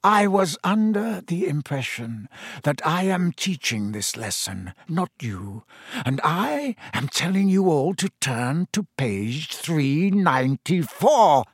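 A man voicing a cold, contemptuous male schoolmaster who speaks slowly and deliberately, sinking to a soft menacing hush. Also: on the high side, big pitch swings, breathy edge, no echo, clean studio sound, voice pushed up, full character voice. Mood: cold scorn. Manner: slow, clipped and icily deliberate, dropping to a soft menacing hush.

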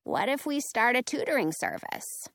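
A woman's voice: on the high side, sing-song, moderate pace, a bit bright, no echo, studio quality. A woman voicing a sensible, studious schoolgirl who speaks in a practical, matter-of-fact way. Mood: earnest.

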